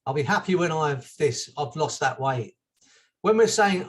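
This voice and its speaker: Male hypnotherapist, gentle and chatty, slightly high-pitched. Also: expressive, fairly quick. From England. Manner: gentle, chatty, laughs softly. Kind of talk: relaxed group therapy talk.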